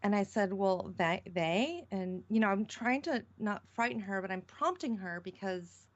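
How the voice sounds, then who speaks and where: A woman's voice: mid-range voice, a little slow. A middle-aged woman, a radio show guest, earnestly recounting a personal experience with many restarts. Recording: dull, lo-fi call-in audio.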